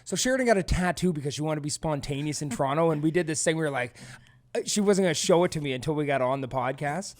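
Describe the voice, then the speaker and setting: A man co-hosts a relaxed podcast with his wife, teasing her and joking with plenty of energy. His voice rises and falls a lot as he talks. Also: fairly high pitch, quick pace. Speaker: podcast co-host. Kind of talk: casual chat.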